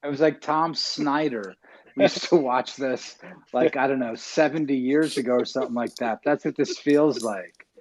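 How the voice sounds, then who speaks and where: A man's voice: medium pitch, normal speed. A man on a casual group call, joking and teasing, often repeating his words as he starts. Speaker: guest expert. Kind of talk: casual chat. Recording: dull lo-fi audio.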